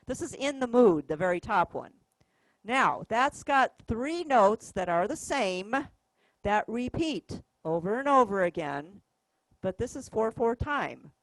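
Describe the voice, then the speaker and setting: A woman's voice: on the high side, animated, a little slow, no room sound, low-quality recording. Patient woman teacher counting notes aloud. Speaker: music teacher. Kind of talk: classroom instruction. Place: music store classroom.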